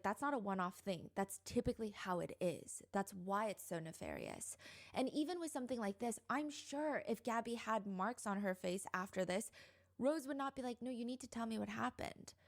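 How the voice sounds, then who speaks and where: A young woman tells a true crime story in a loose, chatty way. Her voice sits fairly high, and her speech is full of fillers and asides. She keeps slipping into quotes from the people in the story. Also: gravelly.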